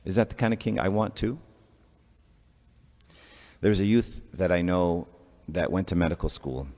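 A priest giving a conversational sermon, asking rhetorical questions and making joking asides. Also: male voice, low-pitched, lively intonation, moderate pace, darkish tone. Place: church. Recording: long church reverb.

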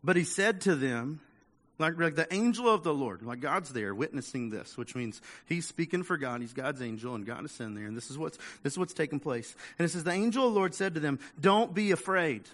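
Bright-voiced male pastor preaching casually. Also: fairly high pitch, lively intonation, brisk. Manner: conversational preaching, acts out quoted voices, repeats words. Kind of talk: sermon.

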